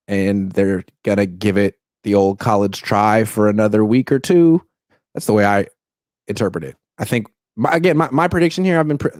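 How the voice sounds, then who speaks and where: A man hosting a casual sports talk show, animated and mocking. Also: no room sound, clean studio sound. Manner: animated, mocks others in exaggerated high voices. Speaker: podcast host.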